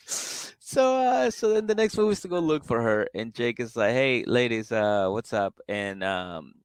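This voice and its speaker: A man with a New York accent, co-hosting a podcast and recapping a reality show, laid-back and quick to react. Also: medium pitch, clean tone, no echo, low-quality recording. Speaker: podcast co-host.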